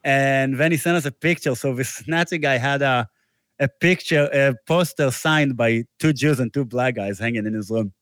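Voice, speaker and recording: A man's voice: mid-range voice, moderate pace, fairly bright tone, no room sound, studio quality. A man, a musician guest, telling a long casual anecdote with restarts and laughter. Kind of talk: casual storytelling interview.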